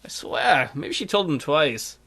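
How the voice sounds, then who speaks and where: A man's voice: fairly high pitch, big pitch swings, a little slow, vocal fry, sharp tone, husky. A man hosting a strategy game let's play with casual, crude, joking commentary.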